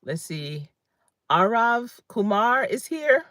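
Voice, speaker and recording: A woman's voice: on the high side, very animated, slow pace, a bit bright, no room sound, clean studio sound. A woman in her fifties, a career coach, giving an emphatic, conversational motivational talk on a livestream and greeting viewers by name. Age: 50s.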